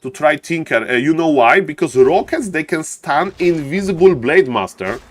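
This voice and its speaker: A man who is not a native English speaker, casting a game live on stream in a showy way, chatting with viewers and greeting them warmly. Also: fairly high pitch, expressive, normal speed. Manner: showman-like, keeps repeating "ladies and gentlemen". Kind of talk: live esports commentary.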